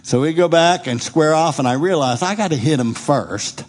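A middle-aged man giving a preacher's testimony, telling his story in an animated way and acting out what people said. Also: a little high, measured pace. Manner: animated storyteller who acts out quoted speech.

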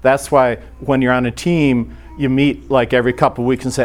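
A middle-aged man teaching a church class in a relaxed, conversational way, often acting out short quoted exchanges. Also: mid-range voice, brisk, few pauses.

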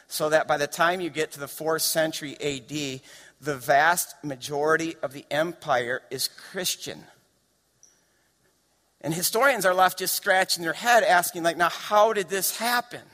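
A man preaching a sermon as pastor, storytelling and building to impassioned shouts. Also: a little high. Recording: long reverb of a large hall.

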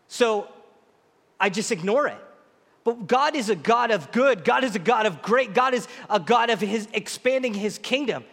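A male pastor delivers a sermon in a high, clear voice. He is earnest and emphatic and repeats his key phrases. The sound rings with the long reverb of a large hall. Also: fairly bright tone. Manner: earnest, repetitive, emphatic preaching.

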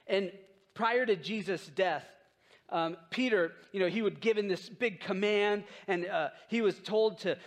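A man with a fairly high voice gives a sermon in a relaxed, conversational way. He tells the story and acts out the lines of the people in it. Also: unhurried. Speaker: pastor.

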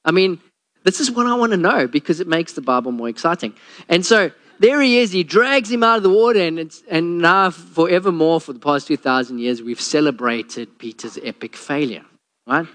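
A man, a pastor, preaching a sermon and telling a Bible story with lively acted-out quotes. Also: moderate pace. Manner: storytelling, acts out quotes with a lowered voice.

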